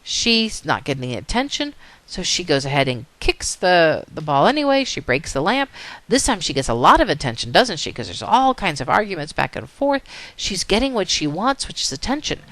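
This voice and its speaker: A woman's voice: fairly low pitch, very animated, moderate pace, fairly bright tone, no echo. A woman psychology teacher lecturing, telling a story and asking rhetorical questions.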